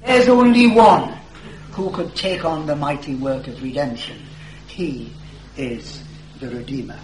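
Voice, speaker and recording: A man preaching an expository sermon, reading scripture aloud slowly and stressing key words for emphasis. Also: medium pitch. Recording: echoey room with faint hum.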